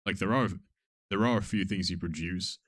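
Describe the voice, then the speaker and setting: A man with a very deep voice talking through a podcast discussion in a measured, thoughtful way. He pauses on hesitant fillers, and his voice sounds dry and close, with no room echo. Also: a bit bright. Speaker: podcast co-host. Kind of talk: casual podcast chat.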